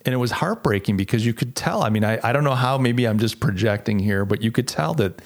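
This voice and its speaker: A middle-aged podcast host delivers a casual solo monologue, fast and animated in a mid-range voice. He reflects aloud and restarts often.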